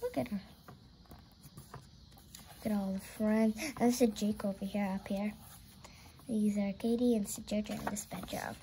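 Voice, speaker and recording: A woman's voice: medium pitch, fairly even intonation, moderate pace, long pauses, mellow, a little hiss or hum. A woman reading a children's picture book aloud, playful and exclaiming, turning to chat with her viewers between pages. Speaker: storyteller.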